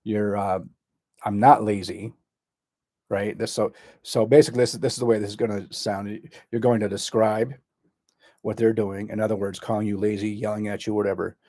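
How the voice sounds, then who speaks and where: Low-voiced man, halting explanation. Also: level tone, warm tone, no echo, studio quality. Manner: halting, full of fillers and restarts. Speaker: therapist. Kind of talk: explaining a communication skill.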